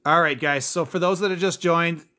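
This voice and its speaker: A man's voice: fairly high pitch, normal speed, sharp tone. A man hosting a casual livestream, reading out viewer names and comments in an upbeat, thankful way. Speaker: livestream host.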